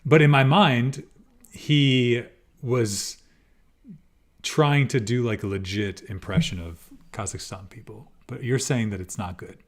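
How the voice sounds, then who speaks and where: A man's voice: medium pitch, measured pace. Man with an American accent, musing aloud. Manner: musing, chuckling, thinks aloud. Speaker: podcast host. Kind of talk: casual chat. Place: podcast recording in Seoul.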